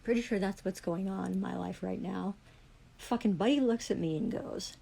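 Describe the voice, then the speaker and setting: Furious, profane woman, gravelly. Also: medium pitch, normal speed, dark tone, low-quality recording. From Canada. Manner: heavily profane, furious ranting. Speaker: livestreamer. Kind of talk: angry livestream rant.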